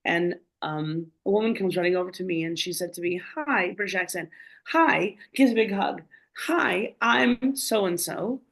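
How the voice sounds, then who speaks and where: Gravelly woman telling a long story, lots of um and like, lively and all over the place. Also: on the low side, fast, few pauses, poor audio. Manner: animated, digressive, many fillers. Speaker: guest speaker. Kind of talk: casual storytelling.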